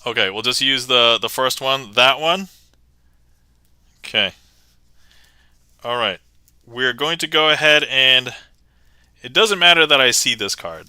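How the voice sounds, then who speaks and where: A man's voice: mid-range voice, a little slow, long pauses, bright, forceful tone, clean tone, no echo. A man performing card magic on a livestream, chatting playfully with viewers, laughing often and thanking them by name. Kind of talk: casual livestream patter.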